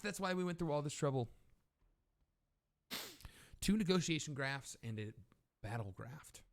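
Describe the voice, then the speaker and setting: A man hosting a let's play, thinking aloud as he plays a deck-building card game. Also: a little high. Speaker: gaming channel host.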